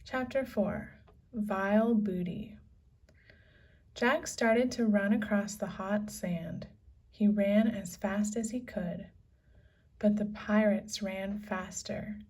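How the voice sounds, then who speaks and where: Slow, expressive woman reading a storybook. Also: medium pitch. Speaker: children's book reader. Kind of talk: reading a children's book aloud. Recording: distant from the mic.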